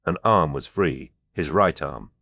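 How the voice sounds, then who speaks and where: A man reading an audiobook as narrator, steady and measured. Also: extremely low pitch, vocal fry, no echo. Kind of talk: scripted narration.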